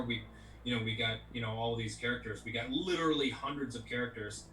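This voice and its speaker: A man with a bright, forceful voice chats loosely as an interview guest, circling back with "you know what I mean" again and again. He sounds set back from the mic in a roomy, echoing space, with faint music underneath. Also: mid-range voice, fairly even intonation, fast talker. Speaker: voice actor guest. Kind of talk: casual interview chat. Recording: roomy echo, distant from mic.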